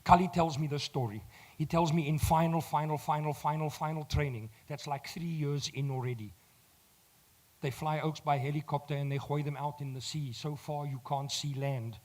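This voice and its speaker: A South African man with a slightly raised pitch and a croaky, worn voice, giving a motivational talk to a live audience. He speaks straight to the crowd and teases them. His voice swells loud when he drives a point home. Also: fairly even intonation, normal speed.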